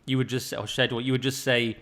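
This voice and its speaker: Fast-talking male podcast host. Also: mid-range voice, little pitch movement, a bit bright. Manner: rambling, restarts, quick asides. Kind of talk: casual podcast conversation.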